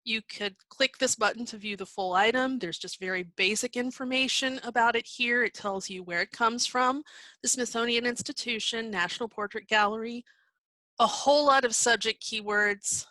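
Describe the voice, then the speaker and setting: A woman's voice: fairly high pitch, moderate pace, bright, forceful tone, dry recording, poor audio. A woman giving a virtual conference presentation while sharing her screen, explaining in a conversational way with some fillers and restarts, and she has the hiccups. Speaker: library presenter.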